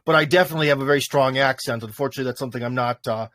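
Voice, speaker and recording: A man hosts a livestream in a loose, rambling way, leaning on fillers as he goes. His voice sits at a middle pitch. The sound is dry and close, with no room echo. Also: racing, a bit bright. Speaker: livestream host. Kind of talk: casual chat. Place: in front of a green screen.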